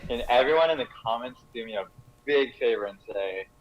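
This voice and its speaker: A man co-hosting a casual podcast, cutting in with quick asides. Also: medium pitch, lively intonation, muffled recording, heavy background noise. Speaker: podcast co-host. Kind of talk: casual chat.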